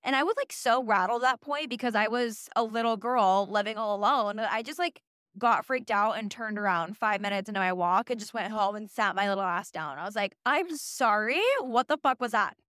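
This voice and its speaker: A woman's voice: medium pitch, fairly quick, fairly bright tone, clean tone, no echo. Chatty, sarcastic young woman, dry close mic. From Utah. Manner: chatty, sarcastic, heavy use of "like" and swearing. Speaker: vlogger. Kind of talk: casual chat.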